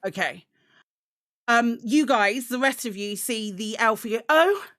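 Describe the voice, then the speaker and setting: A woman narrating as game master of a tabletop game, describing scenes with many pauses and restarts. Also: a little high, fairly bright tone, no echo, studio quality. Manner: hesitant, many ums and restarts.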